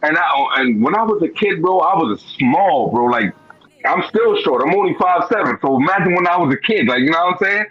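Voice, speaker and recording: A man's voice: on the high side, lively intonation, a little fast, husky, muffled recording. A man telling a personal story in a casual, profane, streetwise way, full of "bro" and "you know what I'm saying.". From Brooklyn, New York. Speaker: guest.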